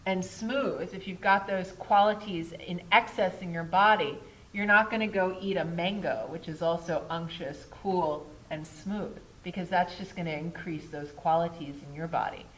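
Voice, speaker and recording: Lady teaching a yoga class, lowish voice, keeps saying right?, faint room hum. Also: moderate pace, low-quality recording. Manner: chatty, often asks "right?", laughs at herself. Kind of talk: casual classroom lecture.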